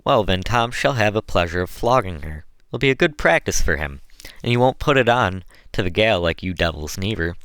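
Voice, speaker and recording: A man's voice: low-pitched, expressive, fairly quick, a bit bright, clean tone, no echo. A man voicing a cruel, domineering plantation master who barks harsh commands. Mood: menacing.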